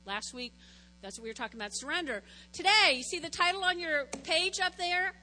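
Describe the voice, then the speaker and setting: A woman pastor preaching a sermon to her congregation, telling a family story in an animated way, with acted quotes. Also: very high-pitched, a little fast, big-room sound.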